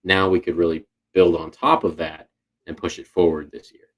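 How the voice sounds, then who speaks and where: A man's voice: low-pitched, little pitch movement, moderate pace. A man co-hosting a podcast, chatting casually and thinking aloud with frequent restarts. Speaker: podcast co-host. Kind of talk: casual chat.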